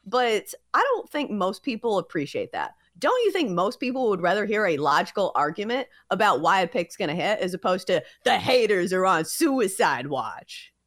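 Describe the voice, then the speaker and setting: A woman's voice: mid-range voice, sing-song, fairly quick, hardly any pauses, a bit bright. A woman co-hosting a sports betting podcast in casual conversation, often using "like" as a filler.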